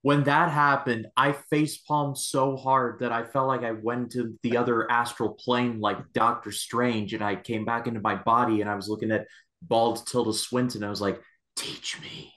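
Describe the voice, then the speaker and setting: A man's voice: mid-range voice, flat delivery, normal speed, fairly bright tone. A man co-hosting a casual podcast, joking sarcastically about a TV episode. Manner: sarcastic, tells jokes at length. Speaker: podcast co-host. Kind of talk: casual chat.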